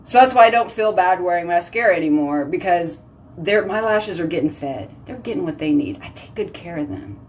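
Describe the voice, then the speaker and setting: A woman's voice: lowish voice, lively intonation, a little fast, a little mellow, slight background noise. A chatty woman, hosting a casual live stream and talking with her viewers. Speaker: livestream host.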